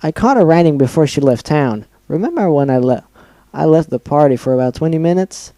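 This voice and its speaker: A man's voice: fairly high pitch, animated, fairly quick, warm tone, dry recording. A man voicing a cheerful, murderous female pink pony, bubbly and sing-song with a sweetly sinister edge. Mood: gleeful.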